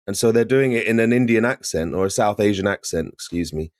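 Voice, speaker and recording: A young man from Syria co-hosts a podcast with a very low voice. The sound is dry and close, and he tells animated stories, laughing as he goes. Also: fast talker, no echo. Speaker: podcast co-host. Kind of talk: casual chat.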